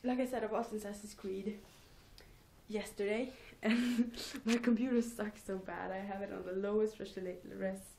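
A woman's voice: mid-range voice, steady tone, moderate pace, gravelly, a little mellow. A teenage girl rambling casually in a home vlog, giggling and mocking herself between thoughts. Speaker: vlogger.

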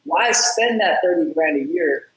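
A man's voice: high-pitched, normal speed, reverberant, poor audio. A man being interviewed on a podcast, talking energetically and acting out the people in his stories, often repeating words as he goes. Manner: energetic, acts out quoted dialogue, repeats words. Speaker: podcast guest, app founder. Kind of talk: casual interview storytelling.

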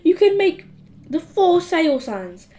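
A loud, bratty young boy who shouts and sulks, his voice jumping high and wide with every demand, as a woman puts him on. He talks slowly and makes each complaint big. It sounds like a storybook read aloud. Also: very animated, heavily acted. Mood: scheming. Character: bratty schoolboy yelling and whining. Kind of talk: audiobook character voice.

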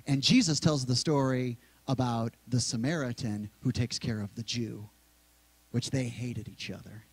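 A middle-aged male pastor preaching in a church sanctuary, talking conversationally and slowly repeating key words. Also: mid-range voice, husky, no room sound, rough recording. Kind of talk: sermon.

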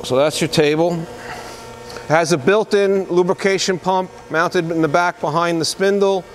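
A man working as a used machinery dealer walks through a machine in an unscripted product demo. He talks in a plain, halting way, pausing with lots of fillers as he goes. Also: high-pitched, fairly even intonation. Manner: plain-spoken, halting, pauses with many fillers. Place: indoor machinery shop floor.

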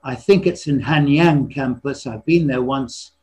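A man in his eighties giving a slide lecture on history, pausing often and clearing his throat between phrases. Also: mid-range voice, darkish tone, low-quality recording. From born in China, raised partly in England. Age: 80s. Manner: frequently clears his throat, halting with restarts. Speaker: retired surgeon giving a history talk.

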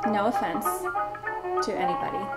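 A woman's voice: medium pitch, steady tone, normal speed, loud music behind the voice. A woman co-hosting a casual film podcast. She is blunt and wry and laughs often. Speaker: podcast co-host. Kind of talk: casual chat.

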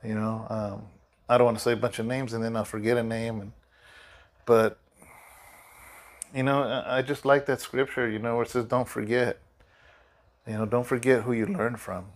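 A man's voice: medium pitch, flat delivery, normal speed, pauses often. A middle-aged man, a pastor, giving a casual devotional talk in a loose, rambling way with many fillers and restarts, sleepy and yawning.

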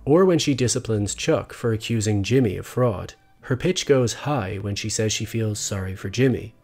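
A man narrates a scripted video essay. His voice sits somewhat low and his delivery is measured and analytical. Soft music plays quietly behind him. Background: faint background music.

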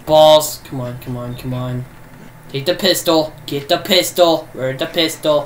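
A man doing live gameplay commentary, frantic and swearing a lot, yelling at enemies. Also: fairly high pitch, fairly even intonation, a little slow, slight background noise. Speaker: let's play gamer.

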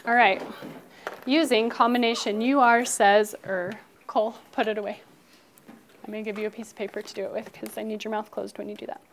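A woman teacher running a phonics lesson in a classroom, brisk and encouraging, calling out words and praising pupils, sometimes dropping to a hushed whisper for one child. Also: mid-range voice, steady tone, slight background noise.

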